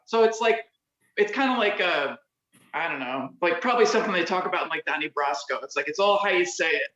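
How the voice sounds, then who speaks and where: A woman's voice: fairly low pitch, brisk, fairly bright tone. A woman in casual podcast chat, explaining things in a rambling way with many fillers. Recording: roomy, dull lo-fi sound.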